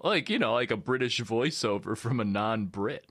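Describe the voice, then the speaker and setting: A man co-hosting a casual comedy podcast chat, riffing in a dry, wry deadpan way. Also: medium pitch, moderate pace. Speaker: podcast co-host.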